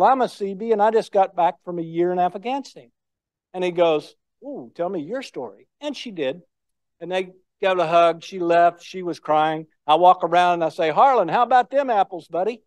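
A man's voice: high voice, a little mellow, clean tone, no echo. An older man giving a speech, telling war stories in a folksy, anecdotal way. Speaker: guest speaker. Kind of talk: storytelling speech.

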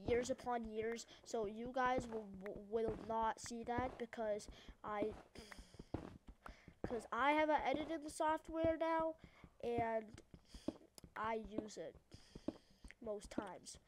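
A young-sounding woman with an Australian accent chatters through her game, her high voice bouncing from joke to joke. She rambles, teases herself and races ahead, with a faint hiss under the mic. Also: takes it slowly, pauses often. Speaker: gaming YouTuber. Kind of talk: casual let's-play commentary.

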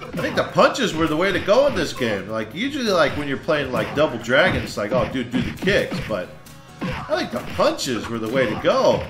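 A man commentating on his own gameplay, excitable, swearing and shouting at enemies. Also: on the high side, normal speed. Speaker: let's play host. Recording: echoey room with game music.

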